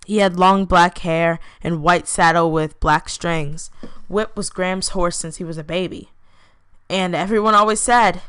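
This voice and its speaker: A woman reading her own fantasy story aloud, plainly and unhurried, pausing to correct herself. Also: fairly low pitch, steady tone, fairly bright tone, clear, resonant tone, no echo.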